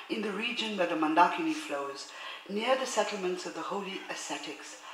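A woman giving a public lecture, reading passages aloud in a measured, formal way and speaking hesitantly, with many fillers, between them. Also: lowish voice, fairly bright tone, a little hiss or hum. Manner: measured, formal read-aloud delivery of translated text. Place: lecture hall. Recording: roomy hall echo, faint ambience.

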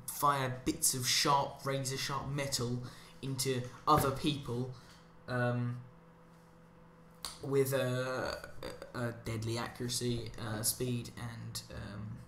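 A man's voice: medium pitch, flat delivery, slow, gravelly, bright, forceful tone, slight background noise. Sarcastic rambling man, roomy echo. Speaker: commentary channel host. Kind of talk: rambling monologue over gameplay. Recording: roomy echo with faint ambience.

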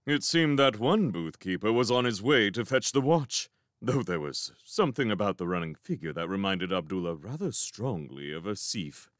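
A man reading a storybook aloud as narrator, with a measured, expressive storytelling manner. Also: lowish voice, no room sound, clean studio sound. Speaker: reader. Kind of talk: audiobook narration.

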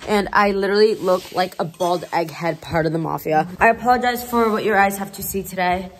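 A woman's voice: mid-range voice, brisk, slight background noise. A young woman vlogging outdoors in cold weather, chatty and self-mocking, shivering as she complains about the cold. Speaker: travel vlogger. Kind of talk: casual vlog chat.

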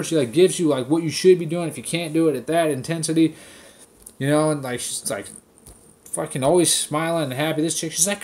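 A podcast host with a slightly high, slightly mellow voice speaks briskly in a casual rant. He swears heavily and does mocking impressions of people.

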